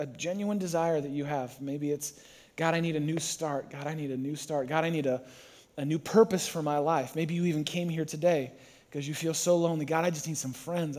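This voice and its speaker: A man's voice: on the high side, darkish tone. A man preaching a sermon to a congregation, who tells the story with energy and acts out the voices. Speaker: pastor.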